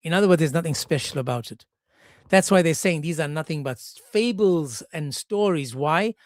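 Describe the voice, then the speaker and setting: Sarcastic, animated male streamer. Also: fairly high pitch, a little fast, no room sound, studio quality. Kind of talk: casual livestream commentary.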